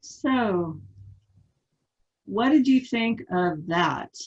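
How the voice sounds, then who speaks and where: A woman's voice: mid-range voice, lively intonation, extremely slow, lo-fi sound. A woman teaching a webinar in a conversational way, asking the group questions. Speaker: webinar presenter.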